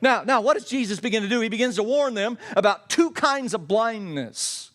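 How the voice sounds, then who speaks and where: A pastor preaching a sermon with emphatic, repetitive phrasing and folksy asides. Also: male voice, high voice, animated, moderate pace, a bit bright.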